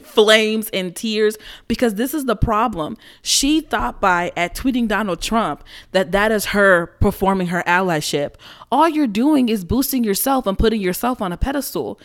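Young woman, blunt commentary, swears a lot, lowish voice at times, emphatic delivery. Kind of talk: casual social commentary rant.

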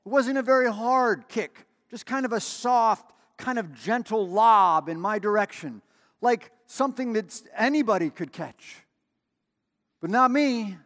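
A man's voice: sits high, expressive, measured pace, a bit bright, in a large hall. A man preaching a sermon in a conversational way, with emphatic repetition and storytelling asides. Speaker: pastor.

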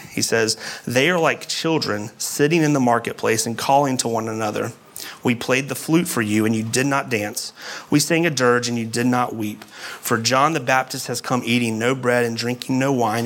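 A man's voice: medium pitch, fairly bright tone. A man giving a sermon as a pastor, explaining scripture in a conversational way with casual asides.

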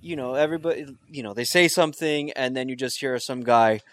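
A man's voice: medium pitch, a little fast, fairly bright tone, no room sound, clean studio sound. A man in casual podcast chat, often chiming in with short agreeing replies.

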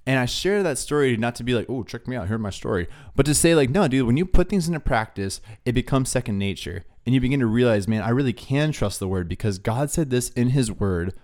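A young man telling a faith story in a relaxed, casual way, with lots of "dude" and "like" as he talks. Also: mid-range voice, fairly quick, hardly any pauses. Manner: laid-back, says "dude" and "like" a lot. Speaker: podcast co-host.

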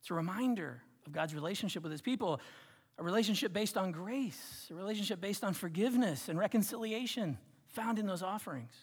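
A male pastor delivers a sermon in a church sanctuary, pushing his voice up for emphasis and then dropping it to a hushed, near-whispered hush. His voice sits a touch higher than most men's. A long hall reverb trails each phrase. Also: expressive, fairly quick, breathy edge.

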